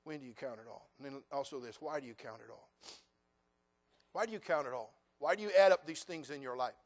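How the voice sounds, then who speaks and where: An older man preaching as a pastor. He tells his story quietly, then rises to loud, fervent preaching. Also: medium pitch, fast talker. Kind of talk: sermon.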